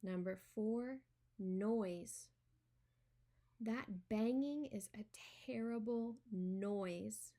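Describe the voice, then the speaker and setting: A woman teaching a spelling lesson to a homeschool class. She dictates words slowly and clearly, and opens with a playful pretend phone call. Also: medium pitch, dark tone.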